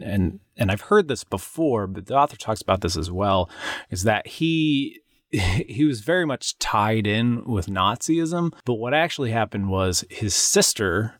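A man's voice: lowish voice, a bit bright, no echo, studio quality. A man chatting casually as a podcast co-host, rambling with frequent restarts and laughs. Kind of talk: casual chat.

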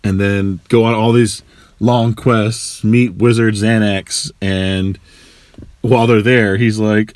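Low-pitched dude riffing jokes on a podcast, dry close mic. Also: male voice, steady tone, slow pace, no room sound. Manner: riffing, jokey, acts out silly voices. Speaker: podcast co-host. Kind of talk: casual chat.

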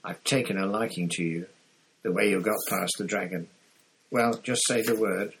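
Man reading a jittery middle-aged wizard official, audiobook, low gravelly voice, husky, hushed and coaxing. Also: fairly even intonation, moderate pace, full character voice, rough recording. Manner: hushed, coaxing, lowers his voice to confide.

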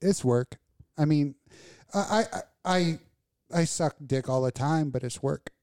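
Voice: medium pitch, a little slow, dark tone. Blunt, profane radio host ranting. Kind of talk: casual chat.

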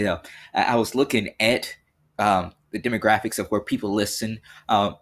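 A man's voice: fairly low pitch, fairly bright tone. Rambling young male podcast host. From Tennessee. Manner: rambling, earnest, many fillers and restarts. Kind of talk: solo podcast monologue.

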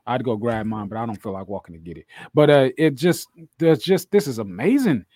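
A man of ordinary middle pitch talks in a loose, profane podcast chat, hammering his points by saying them twice. His voice sits close and dry on the mic, with no room sound around it. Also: lively intonation, a little fast, warm tone, no room sound. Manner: profane, emphatic, repeats himself for emphasis. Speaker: podcast co-host. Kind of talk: casual chat.

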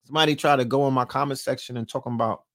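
Talking very fast in a mid-range, slightly bright voice with fairly even intonation, a man runs a late-night livestream. He trash-talks brashly and profanely, forever asking his viewers rhetorical questions in asides. The studio-quality audio has no room sound.

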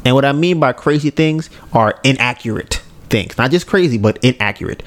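Male podcast host, mid-pitched, low-key monotone chat, rambling and self-correcting, casual cursing. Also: a little fast. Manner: laid-back, admits a monotone delivery.

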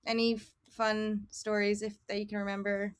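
A woman's voice: mid-range voice, monotone, moderate pace, clear, resonant tone. A woman hosting a podcast, chatting loosely with many fillers and laughing often. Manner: giggly, loose, lots of fillers. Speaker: podcast host. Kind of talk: casual interview chat.

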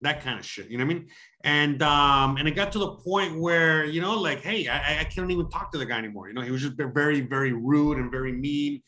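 A man telling a story in casual chat. He rambles, swears a lot, keeps saying "you know what I mean", and acts out heated quotes with sudden loud, high bursts. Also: quick pace. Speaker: expat services provider telling a story.

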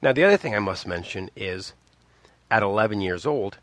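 A man's voice: expressive, moderate pace, a bit bright, no echo. A man in his fifties from Montreal, casually telling a personal story in a rambling way, restarting often and acting out the people he quotes. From Montreal, Canada. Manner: rambling, with many restarts and asides; acts out quoted people with big pitch jumps.

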